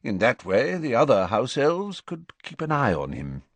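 A man voicing an elderly male headmaster who speaks in a measured, formal, gently amused way. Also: medium pitch, huge pitch swings, dry recording, voice pushed up. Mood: calm. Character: elderly male headmaster, calm, courteous and wry.

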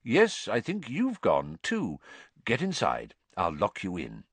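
A man voicing a calm elderly male wizard headmaster who speaks quietly and measured. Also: on the low side, breathy edge, no room sound, full character voice.

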